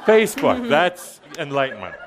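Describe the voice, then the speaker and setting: A man speaking to a live audience in a channeled spiritual talk, playful and teasing, with dramatic pauses and swings between loud and soft delivery. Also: mid-range voice, wildly swooping pitch, a crowd in the background.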